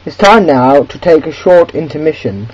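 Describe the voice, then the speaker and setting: A man's voice: fairly high pitch, animated, moderate pace, darkish tone, breathy edge. A young man rambling chattily as he reviews a film in a casual video diary, often restarting his sentences, recorded on a built-in camera microphone. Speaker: film vlogger. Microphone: built-in camera mic. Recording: muffled lo-fi camera mic.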